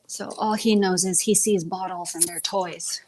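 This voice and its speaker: A woman's voice: fairly low pitch, steady tone, unhurried, a little mellow, poor audio. A woman hosting a casual live stream from home, chatting loosely and tripping over her words, talking into earbuds. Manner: rambling, stumbling over words.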